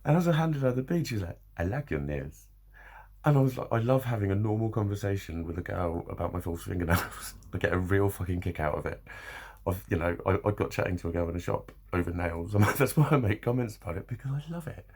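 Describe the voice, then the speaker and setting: A man's voice: sits low, quick pace, husky. A man vlogging in a loose, rambling monologue, swearing a lot and laughing often.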